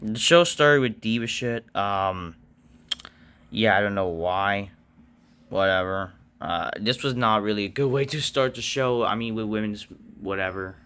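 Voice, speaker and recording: Male wrestling reviewer, casual profane rant, smooth mid voice. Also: pushed and bright. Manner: blunt, profane, frequent fillers and restarts; mocking high-pitched impressions of others.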